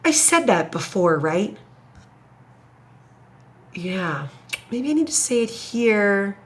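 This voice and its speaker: A woman teacher thinking out loud as she writes an essay paragraph, musing, hesitating and correcting herself as she goes. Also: mid-range voice, sing-song, takes it slowly. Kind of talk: thinking aloud while writing an essay paragraph.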